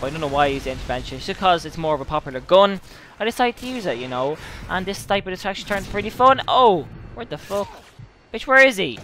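A young man talks through his gameplay in a bright, forward voice. He is excitable and swears freely, breaking into sudden outbursts. Faint background noise sits under his voice. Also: on the high side. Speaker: gaming channel host. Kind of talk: gameplay commentary.

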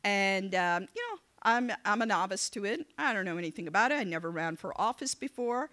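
At an event venue, a female keynote speaker gives a motivational speech to young people, telling a story in an animated, conversational style and acting out the dialogue. Her voice is medium-pitched and a little fast.

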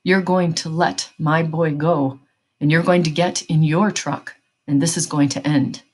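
A woman voicing a farmer father who speaks firmly and tries to sound calm, in a storybook reading. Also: low voice. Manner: firm, measured. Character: steady farmer father trying to stay calm.

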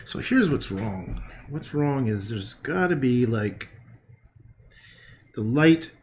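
A man's voice: medium pitch, animated, takes it slowly, darkish tone, slight background noise. A man casually chatting with his viewers while painting on a livestream, joking and cursing and laughing at his own jokes. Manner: joking, profane, talks to viewers' comments.

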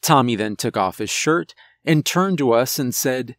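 A man narrating a first-person horror story in a measured, tense way, over faint music. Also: mid-range voice, expressive, dry recording, studio quality.

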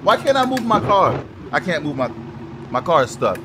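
Excitable, swearing man with a lively voice. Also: very high-pitched. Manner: loud, excitable, profane, quick outbursts. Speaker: gaming YouTuber. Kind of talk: excited gameplay commentary. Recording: noisy game audio behind the voice.

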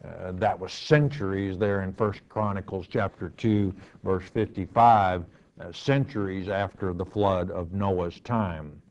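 A male pastor answering listener questions in a slow, measured, firm and matter-of-fact way, teaching from the bible. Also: low voice, steady tone, a little mellow, muffled recording.

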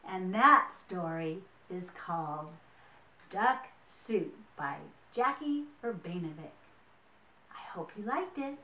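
A woman storyteller reading a children's picture book aloud in an expressive, unhurried way. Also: lowish voice. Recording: echoey room.

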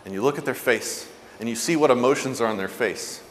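A man's voice: a little fast, in a large hall, a little hiss or hum. Earnest man giving a parenting talk. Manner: earnest, animated storyteller, drops soft and low for tender moments. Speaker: parenting speaker. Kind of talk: motivational talk.

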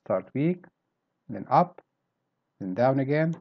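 A man teaching vocabulary in a recorded lesson. He talks deliberately and repeats each word with exaggerated stress. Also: medium pitch, muffled recording.

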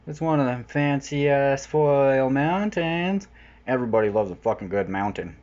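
A man chatting casually while opening trading card packs, jokey, with sudden excited outbursts. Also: mid-range voice, unhurried, muffled recording. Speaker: channel host unboxing cards. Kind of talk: casual unboxing commentary. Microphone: off-camera voice-over mic.

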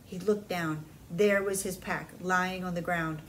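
A children's librarian reading a storybook aloud to kids in a friendly, casual way. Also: female voice, on the low side, fairly even intonation, unhurried, fairly bright tone, slight background noise, low-quality recording.

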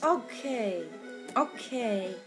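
A woman's voice: on the high side, animated, very slow, over music. Giggly rambling woman gamer. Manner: rambling and giggly, full of "like", swears casually. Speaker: let's-play gamer. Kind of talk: casual game commentary.

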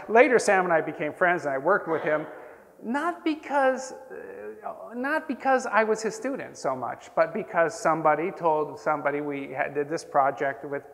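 A man in his sixties, a printmaker, telling rambling, animated anecdotes to an audience. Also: a little high, gravelly. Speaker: printmaker telling stories at a talk. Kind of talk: casual storytelling to an audience. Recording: roomy hall with long reverb.

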